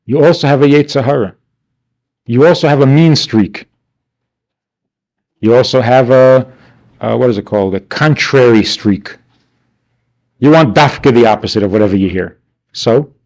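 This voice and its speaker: A man teaching a class as a rabbi, animated and rhetorical, acting out the people he quotes. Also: medium pitch, moderate pace, pauses often. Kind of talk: lively classroom lecture. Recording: archival 1992 class recording.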